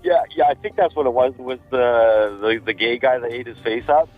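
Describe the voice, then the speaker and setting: A man calling in to a radio show, telling a joke in a halting, hesitant way. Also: medium pitch, soft background music. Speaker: caller. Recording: tinny phone line.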